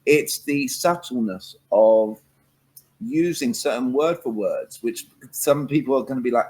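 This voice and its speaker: Brief: man, husky voice, lively coach acting out examples over a video call. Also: mid-range voice, measured pace, low-quality recording. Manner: lively, acts out phone calls, emphatic. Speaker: communication coach, guest. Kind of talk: animated interview talk with acted examples.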